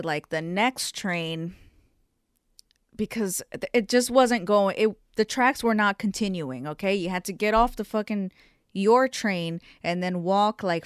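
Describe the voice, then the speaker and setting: Young woman, solo podcast host; chatty and foul-mouthed, mid-pitch, dry sound. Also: clean tone, no room sound. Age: young adult. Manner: chatty, profane, self-mocking. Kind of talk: casual solo podcast chat.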